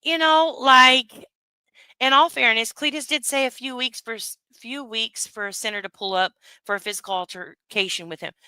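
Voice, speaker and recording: A woman's voice: fairly high pitch, normal speed, bright, forceful tone, clean tone, no echo, studio quality. A woman giving heated, profane livestream commentary, rambling with many asides and tags like "right?". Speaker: commentary streamer.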